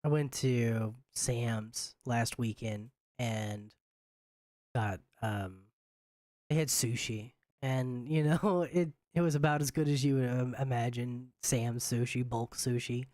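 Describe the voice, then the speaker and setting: A man on a podcast chatting casually, halting and restarting often. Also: medium pitch, fairly even intonation, a little mellow, no room sound, studio quality. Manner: hesitant, many restarts and fillers. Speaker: podcast co-host. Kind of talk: casual chat.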